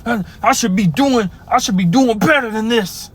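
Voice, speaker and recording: Man putting on a high whiny voice, sulky complainer, stammering, petulant. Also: normal speed, slightly rough. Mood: self-pitying whine. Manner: stammering, whining.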